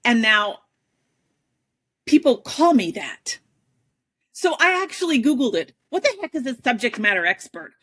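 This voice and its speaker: A woman on an interview show telling a personal story in a lively, self-deprecating way, often acting out the people she quotes. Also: a little high, a little slow, long pauses. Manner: animated, self-deprecating, acts out quoted dialogue. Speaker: interview guest, advocate and educator.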